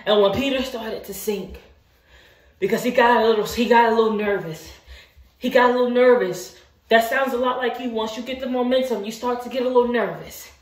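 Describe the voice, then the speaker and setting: A woman's voice: a little high, fairly quick. A woman preaching to camera as a faith mentor, urgent and repetitive, firing off rhetorical questions. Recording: roomy room, distant mic.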